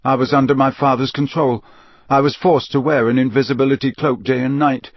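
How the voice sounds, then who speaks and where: A young dark wizard confesses in a flat, monotonous voice, dazed and emotionless, as a man reads him. The storybook recording is dry and dull. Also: medium pitch, a little fast, no echo, natural voice. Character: young male dark wizard confessing under truth potion, vacant.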